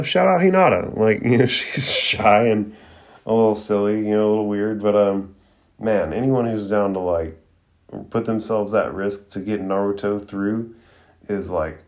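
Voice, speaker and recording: A man's voice: on the low side, fairly even intonation, unhurried. Laid-back man recapping an episode. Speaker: podcast host reviewing an anime episode.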